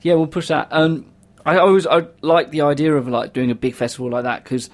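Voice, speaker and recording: A man's voice: fairly high pitch, fairly even intonation, fairly quick. A man co-hosting a casual chat show, talking hesitantly with many fillers. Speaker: co-host.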